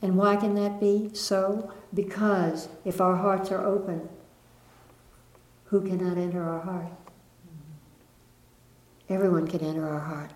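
A woman giving a gentle spiritual talk to a live audience, lilting and laughing softly. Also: fairly low pitch, flat delivery, a little slow, pauses often. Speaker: spiritual teacher. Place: room with an audience. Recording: echoey room.

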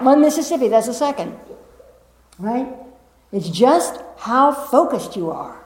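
A woman's voice: on the high side, sing-song, a little slow, a little mellow. A woman spiritual teacher giving a talk to a live audience, emphatic and repetitive, with playful asides. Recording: roomy echo of a meeting room.

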